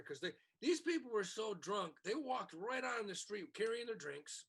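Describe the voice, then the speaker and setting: A man co-hosting a podcast, telling a comedy club story in a casual, animated way and acting out the people he quotes. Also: high voice, normal speed, gravelly, few pauses, husky.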